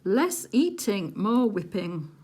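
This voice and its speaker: A woman chatting casually while she does a craft project at home, rambling along with little hushed asides. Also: medium pitch, big pitch swings, slow, slight background noise. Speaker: crafting vlogger. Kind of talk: casual chat while diamond painting.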